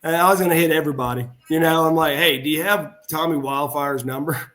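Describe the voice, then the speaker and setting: A man's voice: a little high, fast. A middle-aged man, a former pro wrestler guesting on a podcast, telling a long heartfelt story with plenty of restarts and acted-out dialogue. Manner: rambling anecdotes with frequent restarts and retold dialogue; animated, heartfelt delivery. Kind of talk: casual storytelling in a podcast interview.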